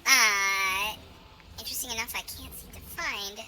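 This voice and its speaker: A woman's voice: mid-range voice, unhurried, background noise. A woman co-hosting a game stream, chatting in a playful, teasing way. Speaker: stream co-host. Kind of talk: casual banter.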